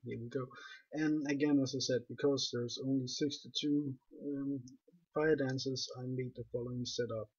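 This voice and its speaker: A man's voice: mid-range voice, steady tone, moderate pace, husky. Man with a non-native English accent. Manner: methodical, step-by-step explaining. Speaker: game guide narrator. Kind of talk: commentated game walkthrough. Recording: dull lo-fi recording.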